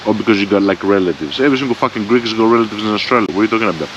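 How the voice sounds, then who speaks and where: A man in his forties fires off a blunt, profanity-laden rant in rapid-fire bursts, his voice lowish, as part of a rambling motorbike vlog. Recorded outdoors via a bike-mounted front camera, the sound is dull and lo-fi, with faint traffic noise.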